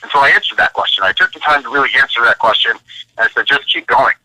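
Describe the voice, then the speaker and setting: A man with a strikingly bright, forceful voice talks bluntly in short, punchy bursts of encouragement. He is a military veteran on a podcast, urging listeners on, and his voice sits dry and close with almost no room sound around it. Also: mid-range voice, expressive, fast, no room sound, rough recording. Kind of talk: motivational conversation.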